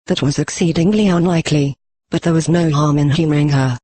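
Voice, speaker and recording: A text-to-speech male voice narrating a fan story with an even, machine-read delivery. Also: on the high side, brisk, slightly rough, dry recording. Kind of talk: synthetic audiobook narration.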